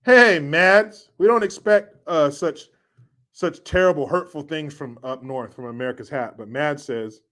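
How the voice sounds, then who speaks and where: A man's voice: a little high, a little slow, fairly bright tone. A man hosting a commentary show, riffing in a profane, mocking rant and repeating catchphrases for laughs.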